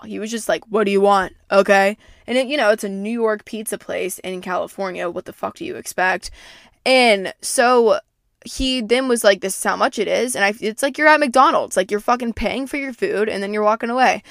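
A young woman hosts a podcast and rambles through a story in casual, animated talk. She swears freely, leans on "like," and owns being dramatic. Her voice sits at a middling pitch, recorded dry and close with no room sound. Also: dry recording. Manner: self-described dramatic. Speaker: podcast host.

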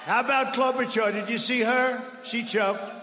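A man delivers a rally speech, mocking and shouting across a large indoor arena. His voice sits high and sounds bright and forceful. The room is echoey, and a long reverb trails his words over a faint murmur. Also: fairly even intonation, moderate pace, a little hiss or hum. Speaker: politician at a rally.

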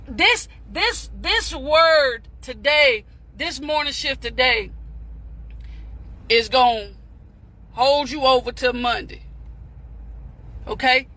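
Woman hyping up her live viewers, super high bright voice, preachy and fired up, keeps repeating herself. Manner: fervent, preachy, repeats phrases, bursts into shouts; addresses viewers as "beautiful people". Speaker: live-stream motivational speaker. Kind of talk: impassioned inspirational live stream.

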